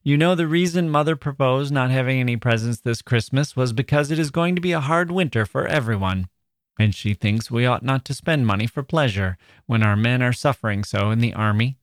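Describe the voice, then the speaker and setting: A man's voice: medium pitch, fairly quick, dry recording, studio quality, natural voice. A man reading aloud and voicing a teenage older sister in a complaining tone. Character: eldest teenage sister, prim and wistful.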